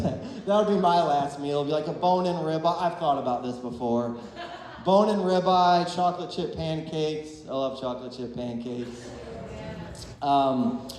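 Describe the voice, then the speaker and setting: Ohio man in his thirties, echoey club. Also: on the high side. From Ohio, USA. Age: 30s. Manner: deadpan, self-deprecating punchlines with quick put-on voices. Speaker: stand-up comedian. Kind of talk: stand-up comedy set. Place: comedy club stage. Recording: very roomy, long reverb of a club.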